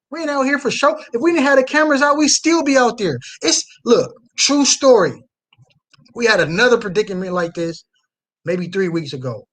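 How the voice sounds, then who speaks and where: Fiery high-voiced male street preacher. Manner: fiery, swings from low mutters to loud outbursts. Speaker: street preacher reacting to a video. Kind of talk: live reaction commentary.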